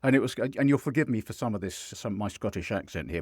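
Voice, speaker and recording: Animated sweary man hosting a podcast. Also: fairly low pitch, fast talker, few pauses, dry recording, clean studio sound. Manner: animated, sweary, mimics others in put-on voices. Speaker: podcast host. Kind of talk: casual football podcast chat. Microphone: video call mic.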